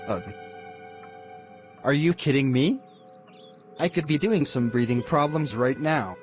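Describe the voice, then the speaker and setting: A man's voice: medium pitch, expressive, measured pace, faint music behind, close to an everyday voice. A man playing an exasperated male emergency doctor who rants at being called. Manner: exasperated, ranting.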